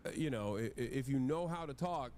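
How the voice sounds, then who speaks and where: A man in a played stream clip, explaining his view in a halting, lecturing way. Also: mid-range voice, lively intonation, darkish tone, faint music behind. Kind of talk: explaining, casual.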